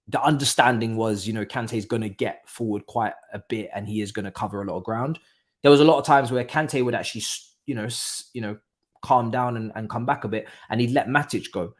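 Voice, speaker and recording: A young man hosting a live football watchalong, talking casually and breaking into excited exclamations. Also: on the low side. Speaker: watchalong host. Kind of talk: live match watchalong commentary.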